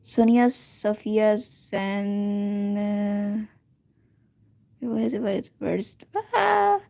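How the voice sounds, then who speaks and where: A woman's voice: mid-range voice, slow pace, creaky, a little mellow. Woman reader, casual read-aloud of a story, stumbles and restarts, giggly asides, mid-range voice.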